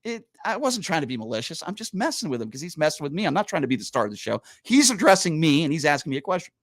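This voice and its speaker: Male radio host, lively storyteller with a very varied pitch, dry close studio sound. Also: rapid-fire, dry recording. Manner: animated storyteller, quotes people in raised voices. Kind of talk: casual studio chat, storytelling.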